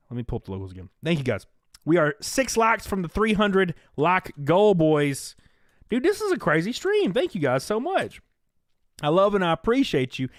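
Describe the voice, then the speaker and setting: Animated livestream host guy, dry close sound. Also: medium pitch, no room sound. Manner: animated, reads donations aloud, laughs at own jokes. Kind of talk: casual livestream chat.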